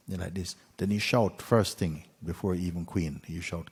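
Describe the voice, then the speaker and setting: Deep husky male spiritual teacher. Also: long reverb tail. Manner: unhurried, with soft asides and light laughs. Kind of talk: storytelling talk.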